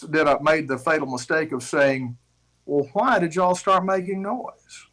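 A man preaching, retelling a story in an animated, conversational way with shifting pace. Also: on the high side, poor audio. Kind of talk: sermon illustration.

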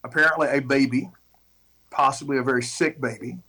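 A man's voice: medium pitch, brisk, poor audio. Man telling a sermon story animatedly. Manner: animated storytelling with shifting pace. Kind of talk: sermon illustration.

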